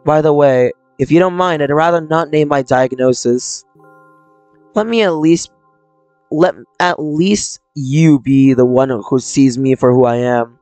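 A man's voice: a little high, unhurried, darkish tone, clear, resonant tone, no echo, natural voice. A man reading aloud the lines of a troubled young person with mental illness from a visual novel, in a subdued, confessional way. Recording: dry close mic, faint game music.

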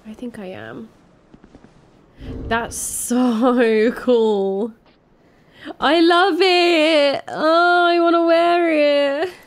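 A woman doing excitable, jumpy commentary while playing a game. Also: sits high, very slow, pauses often. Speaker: gaming streamer. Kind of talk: let's play commentary.

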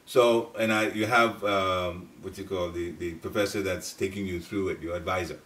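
A middle-aged man giving a devotional class talk in a storytelling way, laughing at times and jumping up in pitch. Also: steady tone, normal speed, fairly bright tone. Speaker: speaker at a devotional study group. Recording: voice picked up from a distance.

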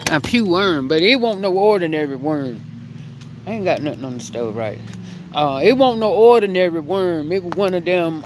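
Against a noisy background, a woman with a lowish voice vlogs casually, first at home and then on the porch outside. Chatty and animated, she speaks straight into the camera to her viewers.

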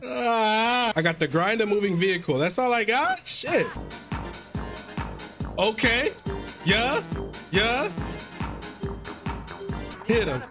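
A man giving casual, excitable gameplay commentary, loud and profane, with plenty of slang. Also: sits high, slow pace, long pauses, music in the background. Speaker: gaming YouTuber.

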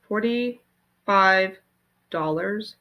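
A woman reading aloud, voicing a sharp, questioning young girl in a storybook. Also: fairly high pitch, lively intonation, moderate pace, muffled recording. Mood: disbelieving.

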